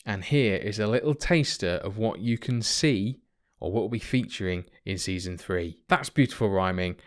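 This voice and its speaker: Man, casual game commentator, smooth clear voice, chatty and excitable, mild swearing. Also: on the low side, normal speed. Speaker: let's play commentator.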